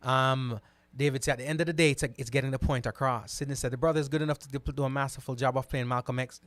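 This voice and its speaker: A man's voice: medium pitch, fast talker, no echo. Chatty man with a dry close sound. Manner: animated, repeats words, asks "right?" often. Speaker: host. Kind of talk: casual commentary reading viewer comments.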